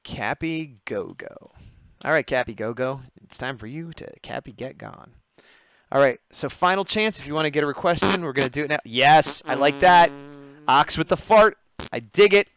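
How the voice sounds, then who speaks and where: A man's voice: a little high, expressive, moderate pace, fairly bright tone, clear, resonant tone, no room sound. A man chatting casually on a livestream, narrating his drawing as he works and talking to his viewers, over dull lo-fi audio. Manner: chatty running commentary, often laughing at his own jokes. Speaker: livestreaming artist taking drawing requests.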